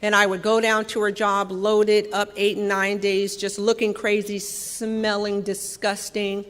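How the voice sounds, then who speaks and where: A woman in her thirties from Los Angeles, sharing her recovery story with wry candor, swelling loud and dropping soft. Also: medium pitch, level tone, measured pace. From Los Angeles, California. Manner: candid, wry, raw, with emphatic swells and soft drops. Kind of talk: personal recovery talk. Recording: long reverb from a hall.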